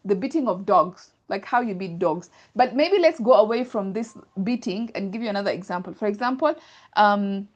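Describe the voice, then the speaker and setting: A woman's voice: medium pitch, animated, normal speed, dull audio. A woman teaching Arabic grammar in an online class, explaining patiently step by step with examples over a video call.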